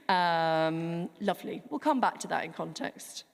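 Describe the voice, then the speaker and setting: A woman's voice: low-pitched, normal speed, creaky, hardly any pauses. A woman leading a choir rehearsal in a large church, chatty, encouraging and self-deprecating. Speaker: choir director. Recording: long church reverb, faint music.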